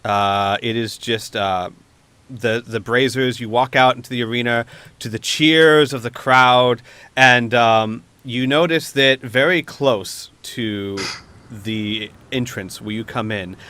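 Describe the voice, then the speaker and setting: A man's voice: medium pitch, takes it slowly, sharp tone, clean tone, no echo. A man narrating a tabletop role-playing game as game master, rambling with many fillers and restarts. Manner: rambling, full of uhs and restarts.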